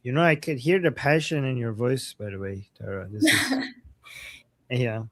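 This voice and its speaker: A man's voice: medium pitch, sing-song, moderate pace, dry recording. A man hosting a live online news stream, talking casually with many fillers and restarts. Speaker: host.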